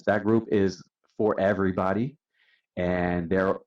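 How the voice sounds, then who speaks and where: A man's voice: low-pitched, moderate pace, darkish tone. A man being interviewed on a podcast as a company founder, telling stories in a laid-back, casual way and saying "man" and "dude" a lot. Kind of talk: casual storytelling. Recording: distant, dull-sounding mic.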